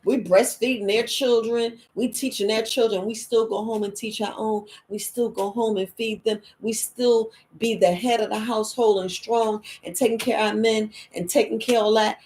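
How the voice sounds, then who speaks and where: A middle-aged woman, hosting a wellness podcast in a lively, emphatic monologue. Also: moderate pace, hardly any pauses. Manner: lively and emphatic, with quoted voices and sudden high exclamations. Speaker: herbalist and podcast host. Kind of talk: casual spoken monologue.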